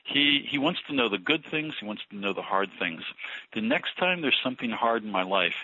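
A man talking through ministry ideas in an interview, thoughtful and halting with many restarts. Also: mid-range voice, expressive, pushed and bright, a little hiss or hum. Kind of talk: conversational interview about ministry. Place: Philadelphia. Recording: dull lo-fi radio audio.

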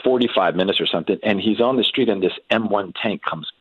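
A deep-voiced man tells a long story about his family, stopping and restarting as he goes. The sound is dry and thin, like a phone line. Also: breathy edge, no echo. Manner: halting, with many restarts and fillers. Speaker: guest. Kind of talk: storytelling in a conversation.

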